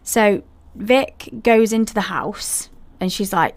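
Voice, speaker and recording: A woman's voice: mid-range voice, takes it slowly. A woman hosting a podcast, telling a paranormal story in a chatty way and talking straight to her listeners with asides. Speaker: podcast host.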